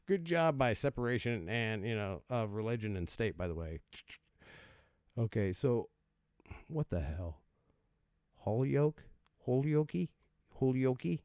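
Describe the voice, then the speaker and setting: A man's voice: lowish voice, expressive, unhurried, long pauses, a little mellow, clear, resonant tone, no echo, clean studio sound. A man hosting a casual comedic commentary, sarcastic and profane, laughing as he riffs with mock voices. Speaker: host reacting to odd laws.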